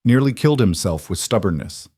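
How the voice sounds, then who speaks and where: A man's voice: lowish voice, lively intonation, a little fast, dark tone, breathy edge, dry recording, studio quality. A man voicing a blunt elderly Norwegian farm wife. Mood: brisk. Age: older. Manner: blunt broken English.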